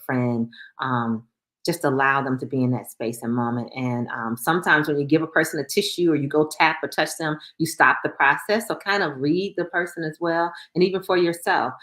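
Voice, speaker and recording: A middle-aged woman counselor giving a calm, reassuring live talk on grief, with many pauses and fillers. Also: low-pitched.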